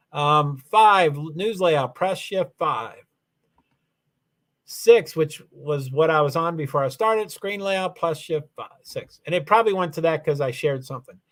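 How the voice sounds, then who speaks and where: Male livestream host, slightly high-pitched, loose and rambling, reads out chat and clicks through settings. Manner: rambling, repeats "allegedly", frequent restarts; talks through software settings step by step. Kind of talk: casual livestream chat, reading comments.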